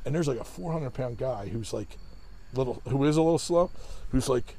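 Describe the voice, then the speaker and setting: A man's voice: fairly high pitch, lively intonation, fast, slight background noise. A man, telling a long, rambling, profane story in casual chat and acting out other people's voices.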